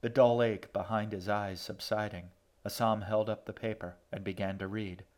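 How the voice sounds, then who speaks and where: A man narrating a story in a brisk, even audiobook reading. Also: lowish voice.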